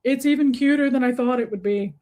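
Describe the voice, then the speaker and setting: A woman's voice: high voice, brisk, mellow, natural voice. A woman playing God the Father, who gushes over how cute her tiny dog is. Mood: adoring. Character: God the Father, doting and adoring.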